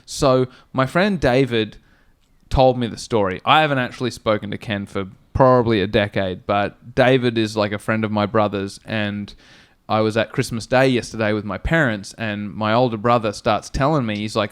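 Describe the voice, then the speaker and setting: A man's voice: lowish voice, moderate pace, clean tone. A man telling a funny story on a comedy podcast, swearing freely and acting out the people in it. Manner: animated, swears a lot, acts out characters with raised voice.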